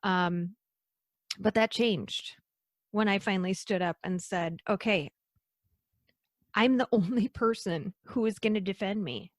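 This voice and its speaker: A woman's voice: mid-range voice, a little slow, long pauses, no room sound, studio quality. A woman speaking as a guest in an interview, emphatic and repeating her key phrases for force. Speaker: podcast guest. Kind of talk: conversational interview.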